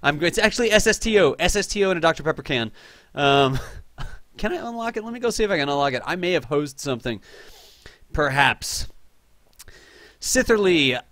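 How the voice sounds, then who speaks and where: A young man hosting a live game stream, chatting casually and excitably while reading chat aloud. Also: a little high, fairly quick, pauses often, no echo.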